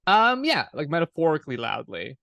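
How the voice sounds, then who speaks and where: A man playing in a tabletop role-playing game, chatting casually and a bit haltingly about what his character did. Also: a little high, wildly swooping pitch, vocal fry, bright, forceful tone, dry recording, clean studio sound. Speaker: player.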